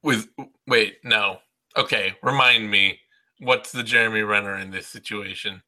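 A man's voice: lowish voice, fairly even intonation, unhurried, sharp tone. A man co-hosting a podcast in casual chat, joking and often stammering over his words. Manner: jokey, stammers and restarts. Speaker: podcast co-host.

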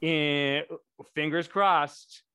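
A man's voice: a little high, steady tone, extremely slow, pushed and bright, clear, resonant tone, no echo. A man co-hosting a podcast, chatting casually in a rambling, jokey, self-promoting way. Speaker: podcast co-host. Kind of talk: casual chat.

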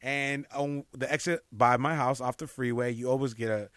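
A man's voice: mid-range voice, steady tone, normal speed, a bit bright, dry recording. A man co-hosting a podcast in casual chat, telling a story with slang and frequent laughs. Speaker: podcast co-host.

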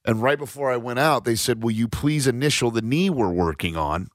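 A man hosting a radio show, talking in loose, profane, animated banter with his co-hosts. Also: medium pitch, a little fast, dry recording, studio quality. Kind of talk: casual studio banter.

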